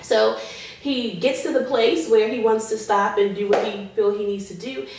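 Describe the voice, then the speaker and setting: A woman being interviewed as a guest, giving an emotional personal testimony in an earnest way. She slows down on heavy moments. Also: fairly high pitch, steady tone, darkish tone, a little hiss or hum. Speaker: guest sharing her survival story. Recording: very echoey room, voice far from mic.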